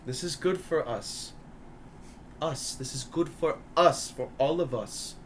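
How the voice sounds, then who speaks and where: A man's voice: a little high, slow, a little hiss or hum. A man putting on a coaxing, controlling noble mother. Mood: pleading. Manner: soft, wheedling, pleading speech.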